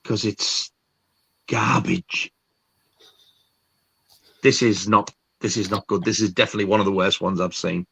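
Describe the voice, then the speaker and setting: A man with a low voice, co-hosting a casual film chat, hesitant with many ums and dry verdicts. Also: fairly even intonation, unhurried, creaky, pauses often, bright, forceful tone, breathy edge. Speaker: co-host of a film live stream.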